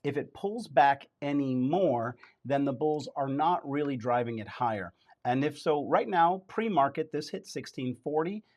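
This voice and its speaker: A man's voice: on the high side, lively intonation, moderate pace, darkish tone. A man acting as the show's chart analyst, explaining levels in a plain, step-by-step way.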